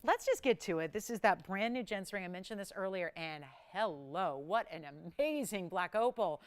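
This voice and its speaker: A woman hosting live TV jewelry sales, with a smooth, clear voice at an everyday middle pitch. She talks in an enthusiastic, chatty way, pitching prices and describing stones to viewers. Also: animated, normal speed. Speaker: shopping channel jewelry host.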